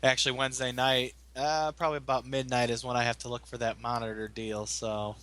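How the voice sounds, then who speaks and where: A man's voice: medium pitch, little pitch movement, fairly quick, a bit bright. A man co-hosting a podcast, laid-back and laughing easily in casual chat. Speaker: podcast co-host.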